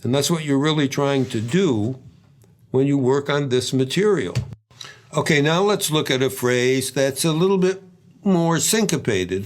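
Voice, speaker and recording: An older man gives a drum lesson in a relaxed, easygoing voice of middle pitch. He breaks off his explanations to scat the rhythms aloud. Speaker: drum teacher. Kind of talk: demonstrating drumming.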